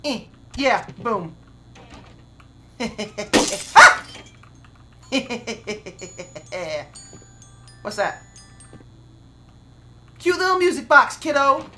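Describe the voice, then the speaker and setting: A woman's voice: high-pitched, sharp tone, slight background noise. A woman streamer giving brash, profane commentary while she plays a game. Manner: brash, profane trash talk. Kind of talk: gameplay commentary.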